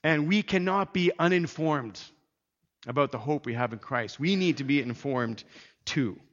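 A man's voice: on the high side, lively intonation, moderate pace. A man preaching a sermon to his congregation in an earnest, emphatic way, repeating key phrases as he reads and explains scripture. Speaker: pastor. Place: church sanctuary. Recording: dull sound with long church reverb.

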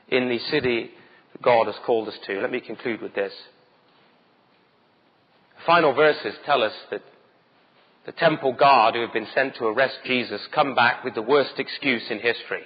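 A man's voice: mid-range voice, breathy edge, in a large hall, lo-fi sound. A man preaching a sermon with urgency and emphatic rhetorical questions. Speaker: pastor.

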